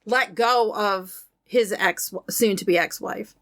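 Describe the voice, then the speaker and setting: A woman's voice: mid-range voice, takes it slowly, a bit bright. A woman co-hosts a podcast, casually walking through a movie's plot in detail. She is agreeable and easygoing, and the recording is dry with no room echo. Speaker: podcast co-host. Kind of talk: casual chat reviewing a film.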